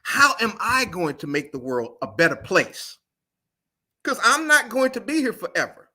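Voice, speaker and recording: A man's voice: sits high, big pitch swings, normal speed, sharp tone. A middle-aged man, a jazz musician, giving earnest, motivational interview answers and often asking "right?". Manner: motivational, earnest, sprinkles "right?" and "you know".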